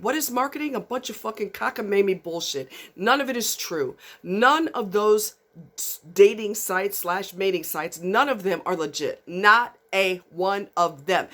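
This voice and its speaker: A woman's voice: mid-range voice, expressive, normal speed, a bit bright. A woman vlogger, delivering a fired-up, profane rant straight to her viewers. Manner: fired up, blunt, swearing heavily. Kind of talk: angry profane rant to camera.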